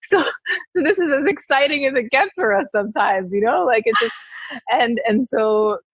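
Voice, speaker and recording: Animated woman, dry dull recording. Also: fairly high pitch, moderate pace, husky, dry recording. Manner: animated, laughs often, acts out her own quoted lines. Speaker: podcast conversation partner. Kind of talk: candid conversational storytelling.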